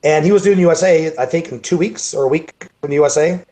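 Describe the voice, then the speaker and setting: A man with a fairly high, mellow voice talks quickly as he tells a wandering story over video call, a bodybuilding show promoter in a casual interview who keeps repeating words and restarting sentences.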